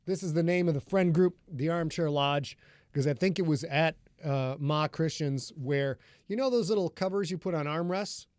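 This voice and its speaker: A rambling, chatty man from northern Michigan hosts a live stream before a reading and greets viewers as they arrive. His voice sits a bit high for a man. The sound is dry and close, with almost no room. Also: normal speed, darkish tone, dry recording. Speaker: author hosting a live podcast reading. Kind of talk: casual chat with a live stream audience.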